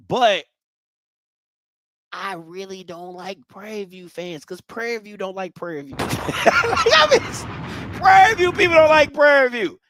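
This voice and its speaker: A man's voice: high-pitched, pushed and bright, dry recording. A man hosting a casual sports talk show, trash-talking rival fans with lots of repetition and rhetorical questions. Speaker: podcast host.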